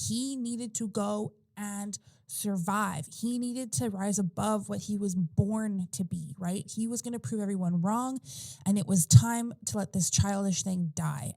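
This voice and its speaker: A woman's voice: mid-range voice, creaky, mellow, no echo. A woman in a casual podcast conversation, telling a personal story in a rambling way with lots of fillers and restarts. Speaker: podcast guest or host.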